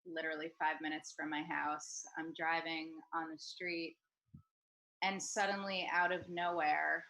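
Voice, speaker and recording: Lady hosting an online chat, bright tone, lots of ums and restarts. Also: low voice, flat delivery, a little slow, rough recording. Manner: hesitant, many ums and restarts. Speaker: host of a group discussion. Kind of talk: casual storytelling. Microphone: video call.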